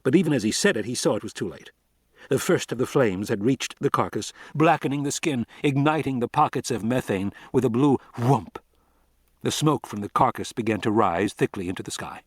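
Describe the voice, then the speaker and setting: A man narrating an audiobook in a steady, measured reading voice, recorded close to the mic. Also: medium pitch, husky, no echo. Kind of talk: scripted narration.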